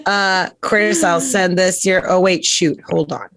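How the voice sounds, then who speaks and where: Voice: mid-range voice, unhurried, a bit bright. A comedian hosting a casual interview, rambling and joking with many fillers and restarts. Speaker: comedian host. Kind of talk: casual live-stream interview chat.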